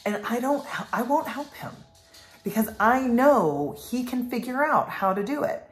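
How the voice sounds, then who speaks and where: A woman's voice: on the high side, expressive, measured pace, faint music behind. A woman in her thirties, a life coach talking in a casual vlog monologue, rambling and passionate with many fillers. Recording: echoey room.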